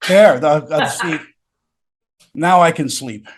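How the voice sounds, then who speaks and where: A man's voice: on the high side, slow. Eager, agreeable man hosting an interview. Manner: eager, agreeable, hesitant restarts. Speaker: interview host. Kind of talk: casual interview.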